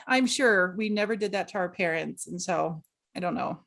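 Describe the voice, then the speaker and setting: A woman's voice: mid-range voice, a little slow. A woman co-hosting a casual podcast chat, tired and laughing at herself as she talks about her kids. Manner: laughing, tired, self-mocking. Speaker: co-host.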